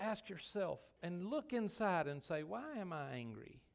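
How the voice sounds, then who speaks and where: Man, pastor, sermon, high voice, gravelly, folksy and emphatic, church. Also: big pitch swings, normal speed. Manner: folksy, emphatic preaching with many restarts. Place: church sanctuary.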